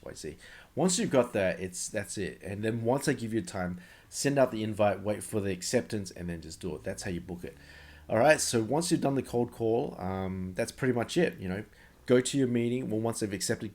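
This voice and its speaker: A man gives sales advice straight to camera in a loose, chatty way. His voice sits a little low, and he stresses key points hard, circling back and repeating phrases as he goes. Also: darkish tone. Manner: emphatic, conversational, often repeats himself. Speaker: sales coach. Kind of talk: casual instructional talk to camera.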